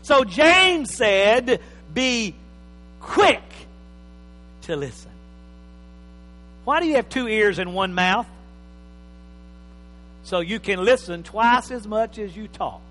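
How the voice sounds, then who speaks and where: A man preaching a sermon as pastor, emphatic, swinging between loud and soft. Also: high voice, expressive, takes it slowly. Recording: reverberant hall with faint mains hum.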